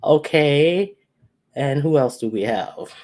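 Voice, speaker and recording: A woman's voice: sits low, lively intonation, takes it slowly, warm tone, soft background music. A woman hosting a casual livestream, reading out viewers' names one by one and teasing them playfully. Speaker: livestream host. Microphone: computer or phone mic with echo.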